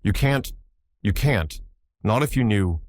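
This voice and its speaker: A man's voice: low voice, very animated, moderate pace, a little mellow. A man voicing a distraught young woman in love, pleading in a choked, emotional voice. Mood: anguished.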